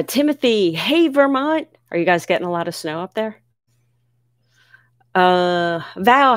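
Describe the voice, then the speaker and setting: A woman's voice: on the low side, dry recording. Chatty woman hosting a livestream, dry sound. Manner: chatty, reads viewer comments aloud, excitable with frequent laughs. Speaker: livestream host answering viewer questions. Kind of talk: casual livestream chat. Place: home near Philadelphia.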